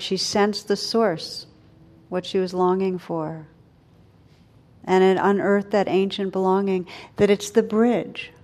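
A woman speaking as a meditation teacher in a dharma talk. Her voice sits at a middle pitch. She talks gently and reflectively, letting her words slow and soften into quiet pauses.

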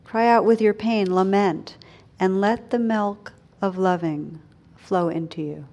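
Her voice at a medium pitch, a woman teaching meditation offers a dharma talk. She reflects gently aloud and lets soft, unhurried pauses settle between thoughts.

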